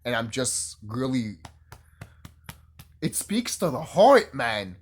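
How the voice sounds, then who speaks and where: A man casually reviewing a TV show on his channel, excitable and profane, rambling and gushing. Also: mid-range voice, takes it slowly. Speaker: YouTube reviewer.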